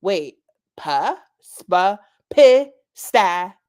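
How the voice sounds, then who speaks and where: A woman's voice: mid-range voice, lively intonation, a little slow, close to an everyday voice. A woman voicing a tiny, bubbly, childish woman who talks in a whiny, self-assured way.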